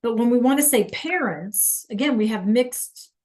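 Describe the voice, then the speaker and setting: A woman's voice: a little high, animated, normal speed, dark tone. Woman teaching Spanish on a video call. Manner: patient, checks in with students often. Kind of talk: online class lesson.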